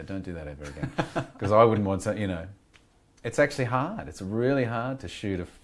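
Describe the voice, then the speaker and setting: A low-pitched Australian man chatting as a guest on a podcast. He rambles in a candid, reflective way and thinks aloud as he goes. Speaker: guest actor. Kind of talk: casual interview chat. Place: podcast studio.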